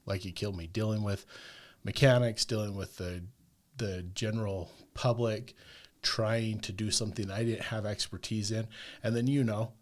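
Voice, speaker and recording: A man with a fairly low voice tells a long personal story on a podcast. He rambles conversationally and keeps checking in with the listener with "right?" and "like." The delivery is casual and unpolished. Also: steady tone, moderate pace. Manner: rambling, peppers talk with "like" and "right?". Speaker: podcast guest.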